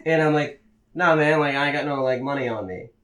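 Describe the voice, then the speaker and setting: A young American man with a fairly high voice, speaking a little fast, co-hosts a podcast and tells a travel tale in relaxed chat. He curses freely and brings the story alive by acting out people's words.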